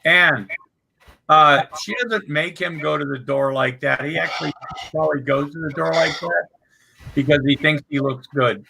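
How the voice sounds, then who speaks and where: A man in casual group chat, rambling and halting, gossiping about people on a stream. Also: fairly high pitch, steady tone, gravelly, noisy background. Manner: rambling, halting, full of restarts and fillers.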